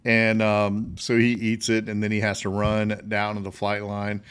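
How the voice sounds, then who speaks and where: A man's voice: lowish voice, completely flat delivery, normal speed, fairly bright tone, clear, resonant tone. A middle-aged American man, a veteran hosting his own show, tells funny army stories casually, laughing often and filling with "um" and "you know". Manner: laughs while telling stories, many fillers. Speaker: podcast host, army veteran. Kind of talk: casual storytelling.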